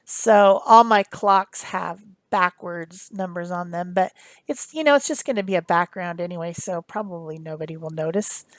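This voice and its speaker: A woman's voice: on the low side, normal speed, no room sound. A woman talking through a craft demonstration in a casual, rambling way, with many fillers and restarts. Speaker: craft tutorial host.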